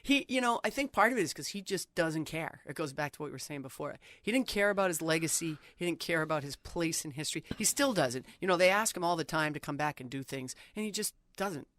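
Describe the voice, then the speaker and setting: Fast, bright-voiced woman telling stories. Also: sits low, no echo, clean studio sound. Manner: animated storyteller, quick and talkative. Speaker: sportswriter guest. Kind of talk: casual interview talk.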